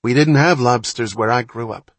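A man voicing a loud, fussy city man with a nasal Brooklyn drawl in an audiobook. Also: medium pitch, moderate pace, no room sound, natural voice. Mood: loud, indignant.

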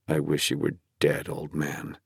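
A man's voice: completely flat delivery, unhurried, vocal fry, husky, no echo, clean studio sound, exaggerated voice. A man reading an audiobook voices a spiteful, brooding male sorcerer who mutters bitter threats. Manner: low, bitter, muttering menace. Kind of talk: audiobook character voice.

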